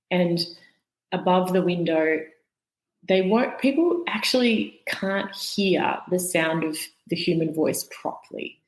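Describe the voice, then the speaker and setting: A woman, a guest expert on the nervous system, explaining calmly and patiently in a podcast interview, walking through everyday examples. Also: lowish voice, roomy sound, low-quality recording.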